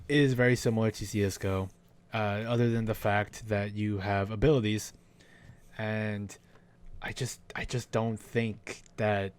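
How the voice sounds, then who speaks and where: Laid-back young man, lowish voice. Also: clear, resonant tone. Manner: laid-back, teasing, hesitant. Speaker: podcast co-host. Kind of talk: casual gaming chat.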